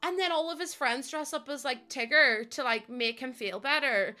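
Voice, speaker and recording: A woman's voice: high voice, moderate pace, bright, forceful tone. A young adult woman live streaming, chatting casually with her viewers in a giggly, gushing and emotional way.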